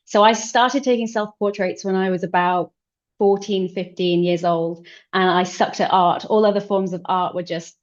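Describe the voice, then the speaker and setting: A British woman in her thirties talks casually as a guest, relaxed and self-deprecating, with frequent giggles. Her voice sits at a middle pitch for a woman. It comes over a video call with dull, lo-fi sound. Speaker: photographer guest. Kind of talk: casual interview chat.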